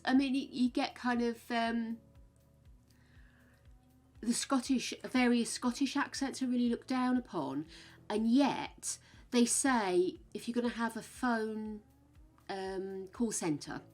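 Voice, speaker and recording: A woman chatting with her live stream viewers in a mid-range voice. She talks frankly and casually, with the odd swear word. Faint music plays underneath. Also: medium pitch. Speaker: game streamer.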